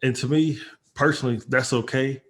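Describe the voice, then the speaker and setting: This man talks in an earnest, measured way while co-hosting a casual chat. His pitch stays flat and level, with very little rise and fall.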